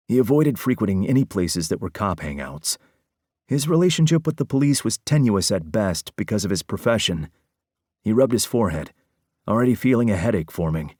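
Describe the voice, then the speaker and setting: A man narrating an audiobook in a measured storytelling manner. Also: lowish voice, sing-song, darkish tone, no echo, clean studio sound. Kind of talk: scripted narration.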